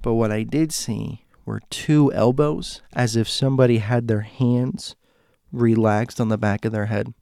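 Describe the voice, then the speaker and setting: A man with a gravelly, creaky voice tells a spooky personal story in a casual, conversational way. He stops, restarts and corrects himself as he searches for words. The sound is dry and close. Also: medium pitch, steady tone, dark tone, no room sound. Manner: halting, self-correcting, conversational.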